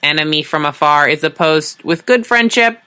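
A woman voicing an alien translation device that speaks in slow, stilted, oddly worded phrases. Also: sits low, animated, sharp tone, clean tone. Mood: cryptic. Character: cryptic alien translation device, sexless machine.

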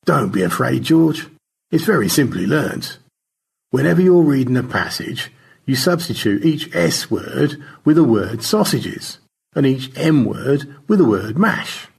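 A man reading aloud and voicing a playful, teasing man who loves word games, with a raspy, gravelly voice and a brisk, mischievous manner. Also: medium pitch, very animated, darkish tone, exaggerated voice.

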